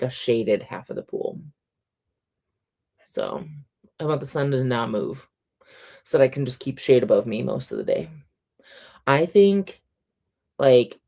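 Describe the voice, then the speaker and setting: Chatty woman host on a reading stream, low warm voice, kinda scratchy and sore. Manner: chatty, reads out chat comments, laughs often. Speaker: reading sprint livestream host. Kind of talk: casual livestream chat.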